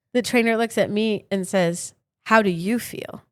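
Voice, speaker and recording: Speaking slowly in a medium-pitched voice, a woman co-hosts a podcast and tells stories in casual conversation. She's animated, acting out the quotes and slipping into silly little sung bits.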